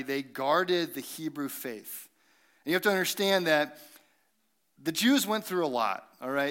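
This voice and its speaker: A man in his thirties, a pastor giving a conversational sermon, with animated storytelling, frequent fillers and "right?" tag questions. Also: on the high side, clear, resonant tone.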